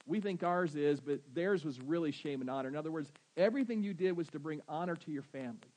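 Southern pastor, male, slightly high voice, chatty sermon delivery that quizzes the room. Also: fast, darkish tone, poor audio. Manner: conversational preaching, asks the congregation questions.

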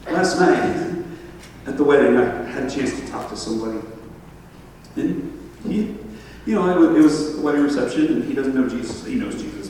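A man preaching a sermon, telling stories with laughter and animated asides. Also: on the high side, slight background noise. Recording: echoey hall from far off.

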